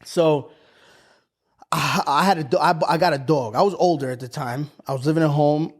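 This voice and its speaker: A podcast co-host with a fairly high voice speaks at normal speed, casually telling a story and acting out the voices of the people in it, with a lot of swearing.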